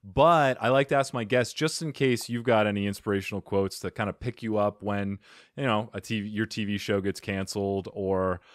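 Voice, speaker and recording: Low-voiced joking male podcast host. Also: no echo, studio quality. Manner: joking, quick to laugh. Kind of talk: casual interview.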